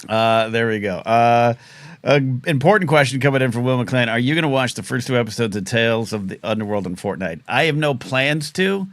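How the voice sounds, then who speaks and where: A man's voice: medium pitch, expressive, a little fast, dry recording. A man hosting a live call-in show, rambling and joking in a casual talk-radio manner, his throat catching now and then. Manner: rambling, joking, self-mocking. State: throat catching after choking on a chip.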